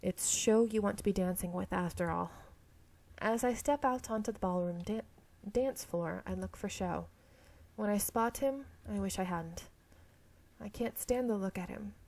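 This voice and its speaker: A woman's voice: medium pitch, normal speed, a little mellow. A woman reading a romance visual novel aloud, often stumbling and correcting herself, with chatty asides. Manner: reads narration, stumbles and self-corrects, laughs at herself. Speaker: game streamer reading aloud.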